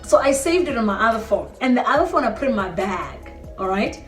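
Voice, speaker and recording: A young South African woman telling a story on her vlog, animated and exclaiming, often laughing as she talks. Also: a little high, fairly quick. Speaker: vlogger. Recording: roomy echo, distant mic, faint music.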